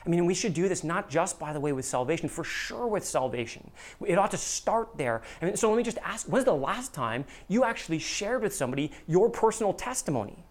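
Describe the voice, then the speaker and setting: A pastor delivers a sermon in a lively, expressive way. Quoted voices come out higher and animated, and the earnest appeals turn soft and low. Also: brisk.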